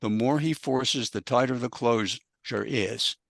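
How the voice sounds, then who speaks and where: A man speaking as a panelist, explaining a process step by step in a measured way and walking through examples. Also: mid-range voice, gravelly, fairly bright tone, dry recording, clean studio sound.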